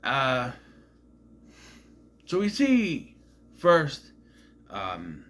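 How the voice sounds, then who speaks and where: A man's voice: mid-range voice, wildly swooping pitch, drawn-out words, a bit bright. Rambling man recapping a movie. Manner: rambling and musing, often unsure. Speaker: movie reviewer.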